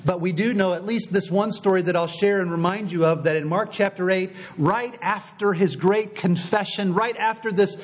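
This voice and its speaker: A man preaches a sermon in a steady tone at a moderate pace with few pauses, retelling scripture stories and acting out the quoted dialogue as a storyteller. The recording is slightly dull, with a faint low rumble.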